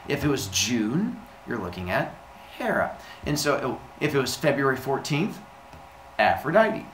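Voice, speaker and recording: A man's voice: medium pitch, fairly bright tone. A male teacher giving a recorded lesson, chatty and casual, saying "like" a lot and acting out little scenes. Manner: chatty, says "like" often, acts out little scenes. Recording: echoey room, faint noise.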